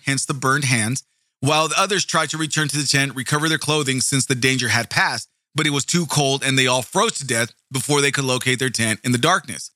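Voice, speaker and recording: This man's voice is very bright and edgy and sits a little high for a man, recorded dry and close. He hosts a casual video, mixing straight readings with blunt, swearing commentary. His delivery is emphatic and wry, with many restarts. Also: dry recording. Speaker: video host.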